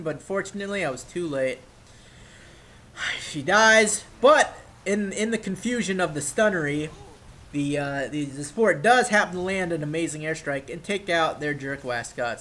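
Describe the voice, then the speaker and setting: A man giving casual, rambling commentary over his own gameplay footage, drifting into excitable tangents and swearing freely. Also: high-pitched, moderate pace.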